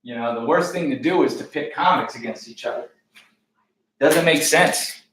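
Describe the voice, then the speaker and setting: American comic guy ranting loose and sweary, slightly high voice, roomy echo. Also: moderate pace. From United States. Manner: profane, animated, rambling with restarts. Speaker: stand-up comedian. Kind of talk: casual backstage interview chat.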